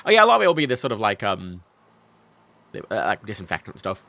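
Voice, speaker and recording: Young man, livestream gamer, bright voice, lively pitch, rambling, self-mocking, sudden loud outbursts. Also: quick pace, vocal fry. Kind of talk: casual gameplay chat.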